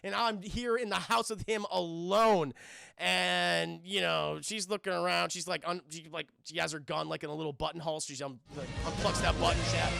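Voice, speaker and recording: A man's voice: high-pitched, fairly even intonation, fairly quick, vocal fry, loud music behind the voice. A young man streaming a casual, profane, rambling film recap, talking constantly to his live chat.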